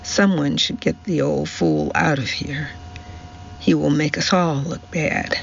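A stern, disapproving middle-aged doctor, voiced by a male reader with a low, gravelly, unhurried delivery. The recording is a touch muffled, with faint hiss. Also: fairly even intonation, full character voice. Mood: brusque.

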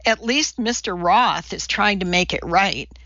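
A woman reading an audiobook, voicing a calm male minister who lectures wryly. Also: medium pitch, measured pace, dry recording, muffled recording. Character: male minister, measured and wry.

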